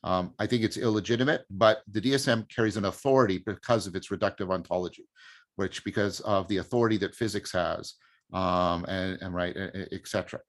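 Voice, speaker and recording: A man's voice: deep voice, fairly quick. A man hosting an academic discussion, thinking aloud and searching for his words as he poses a question. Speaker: host.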